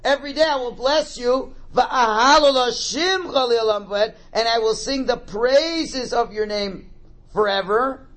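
A man's voice: very high-pitched, a little slow. A man teaching a class on a prayer text as a religious teacher. He asks questions and answers them himself, and often repeats words as he explains. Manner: animated, asks and answers his own questions.

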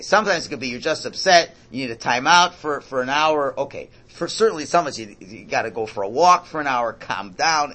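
Man, rabbi type, casual lecture delivery, very lively intonation, repetitive and emphatic. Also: mid-range voice. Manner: animated, repetitive, bursts into near-shouting for emphasis. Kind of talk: informal religious talk on marriage.

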